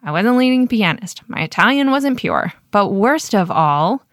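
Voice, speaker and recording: A woman podcast host reading a scripted personal story in a measured, self-deprecating way. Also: medium pitch, expressive, no room sound, clean studio sound.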